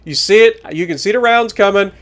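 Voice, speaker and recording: A man hosting a gaming channel, giving animated, joking gameplay commentary and teasing his opponents. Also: sits high, brisk.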